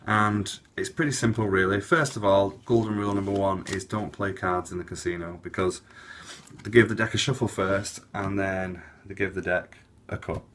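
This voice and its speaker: A man's voice: sits low, steady tone, normal speed, a bit bright, a little hiss or hum. A man, a card magician, telling a casual anecdote as patter for a trick. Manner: casual, anecdotal, fond of "I'm like". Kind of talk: chatty storytelling patter.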